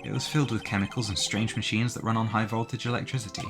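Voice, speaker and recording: A man's voice: lowish voice, fairly even intonation, fast, close to an everyday voice. A man voicing a nervous, lovestruck young male college student while reading game dialogue aloud, hesitant and sheepish. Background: game music.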